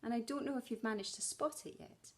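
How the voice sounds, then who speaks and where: A woman's voice: on the high side, fast talker. A woman from Scotland with a Scottish accent, a primary school teacher chatting playfully to her future pupils in a welcome video while out on a walk. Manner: playful, chatty, fond of puns. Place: outdoors on a walk.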